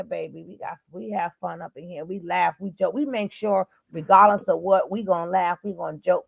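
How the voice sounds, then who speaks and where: Gravelly Brooklyn woman hosting a live chat. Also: medium pitch. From Brooklyn, New York. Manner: warm and chatty, calls people baby and darling. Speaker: livestream host.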